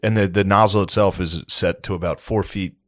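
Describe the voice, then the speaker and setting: A man co-hosting a comedy podcast, trading crude jokes in casual banter and now and then bursting into shouted bits. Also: low voice, steady tone, brisk, no room sound, clean studio sound. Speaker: podcast co-host.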